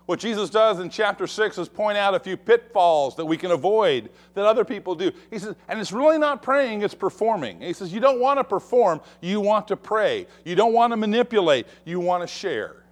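Male pastor mid-sermon, high-pitched and lively, acts out the quotes. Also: moderate pace, hardly any pauses. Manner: expressive preaching, acts out quoted voices.

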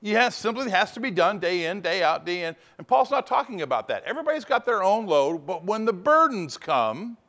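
A male pastor delivering a sermon in a fairly high voice that rises and falls with lively swings. He mixes playful asides with slow, deliberate emphasis on the key phrases.

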